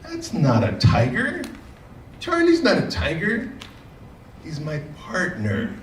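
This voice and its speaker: A man voices a boastful little rabbit who brags that he is hungry enough to eat anything and coaxes others home. The voice is pitched well above his own, cocky and teasing. It sounds far from the mic in a roomy, echoing hall. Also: wildly swooping pitch, takes it slowly, a little hiss or hum, exaggerated voice. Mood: dismissive. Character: boastful hungry male rabbit with a hidden tiger partner. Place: large conference room. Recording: echoey room, speaker far from mic.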